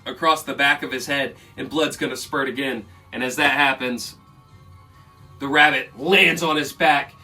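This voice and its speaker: A man runs a tabletop game as game master, narrating the action in a casual, loose way with fillers. His voice is bright and forceful. He sits a bit back from the mic, with faint music playing behind him. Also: medium pitch, far from the mic.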